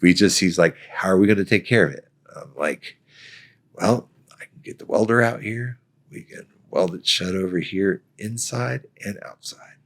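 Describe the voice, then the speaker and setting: A man's voice: deep voice, gravelly, fairly bright tone. A man from Florida, a veteran, telling a story casually, acting out the quoted lines and laughing often. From Florida, United States. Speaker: guest, Army veteran.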